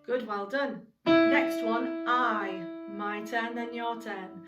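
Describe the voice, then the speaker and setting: A woman teaching a singing lesson to young children, encouraging and speaking slowly and clearly. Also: on the high side, steady tone. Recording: roomy sound from a distance, music behind.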